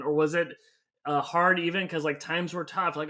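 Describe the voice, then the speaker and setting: A man with a bright, forward tone and a somewhat raised pitch hosts a podcast interview. He asks questions loosely, with plenty of fillers. His delivery is casual and conversational. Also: animated, normal speed. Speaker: podcast host, growth marketing agency owner.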